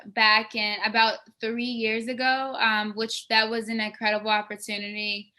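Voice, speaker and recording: A woman with a mid-range, sharp-toned voice is an actress from West Africa. In a casual, enthusiastic interview she tells stories from her career, restarting her sentences often.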